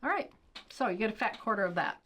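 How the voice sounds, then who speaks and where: A woman's voice: mid-range voice, expressive, fast talker. Chatty woman unboxing quilting supplies. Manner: chatty, reads product blurbs aloud, thinks out loud with fillers. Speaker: quilting channel host. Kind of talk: casual unboxing chat.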